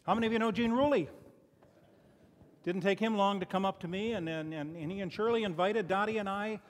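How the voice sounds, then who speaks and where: A man's voice: high-pitched, a little fast. Older man preaching folksy sermon in hall. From Chicago. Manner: folksy, conversational, frequent restarts and "you know". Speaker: lay preacher. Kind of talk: sermon with personal stories. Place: church sanctuary.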